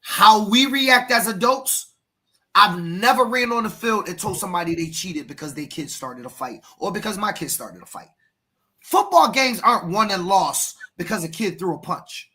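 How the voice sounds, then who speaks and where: A man's voice: sits high, lively intonation, normal speed, bright, forceful tone. An American man who coaches youth football and hosts a podcast, talking emphatically and preachily, repeating himself and calling his co-host by name. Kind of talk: passionate podcast talk.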